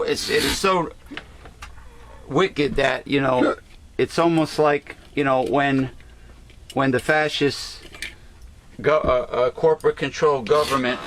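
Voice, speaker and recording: Talk radio host, man, indignant and rambling, mid-pitched, faint background noise. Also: slow, pauses often, a bit bright. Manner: rambling, indignant, with many fillers. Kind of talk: casual political talk radio chat.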